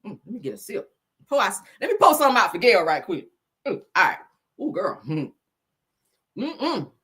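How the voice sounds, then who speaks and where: A woman hosting a casual gossip show, loud, laughing and full of slang as she teases. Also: mid-range voice, sing-song, normal speed, breathy edge. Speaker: show host.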